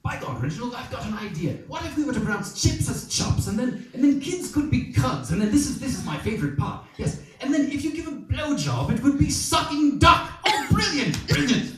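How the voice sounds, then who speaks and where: A man voicing a posh, scheming gentleman, plummy and conspiratorial. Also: very high-pitched, very animated, brisk, hardly any pauses, soft background music, pitched above the performer's own voice. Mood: gleeful scheming. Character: posh scheming British gentleman, middle-aged. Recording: echoey club heard from a distance.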